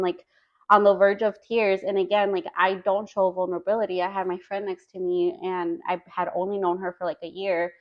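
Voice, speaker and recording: Woman, casual storytelling, earnest, lots of "like", medium voice, dull lo-fi sound. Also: mid-range voice. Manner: earnest, heavy use of "like" and "you know". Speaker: podcast guest.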